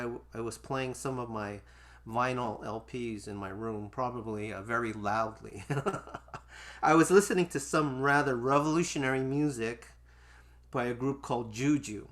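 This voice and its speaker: A man's voice: mid-range voice, a bit bright. A man in his sixties, a musician and teacher, talking casually and reading from his memoir over a video call, rambling with many restarts. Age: 60s. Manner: rambling and conversational, full of restarts. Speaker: musician and Asian American studies teacher. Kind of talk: casual talk with memoir reading to an online audience.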